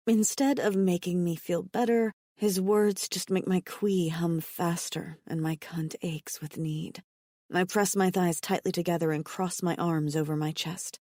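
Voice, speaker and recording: Woman audiobook narrator, first-person romance, intimate measured read, dry close sound. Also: lowish voice, steady tone, dark tone, no echo.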